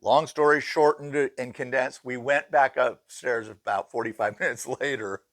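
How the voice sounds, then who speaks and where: A middle-aged man casually telling ghost stories as an innkeeper, lively and acting out the voices of the people he quotes. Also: medium pitch, normal speed, no echo, studio quality. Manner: animated, acts out quoted voices. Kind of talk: casual storytelling.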